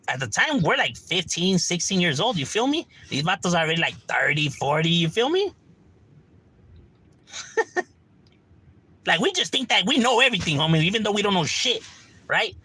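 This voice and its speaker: A man tells stories in a loose, profane, slang-heavy way, his voice swinging up and down with lively energy. His tone is bright and a touch husky, and it sits a little higher than most men's. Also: no room sound, rough recording. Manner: animated, slangy and profane, street talk. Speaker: streamer telling stories. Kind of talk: casual storytelling chat.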